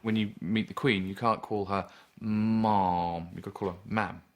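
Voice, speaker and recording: A man's voice: fairly low pitch, little pitch movement, fast, fairly bright tone. A man in an interview, explaining and demonstrating clipped upper-class speech.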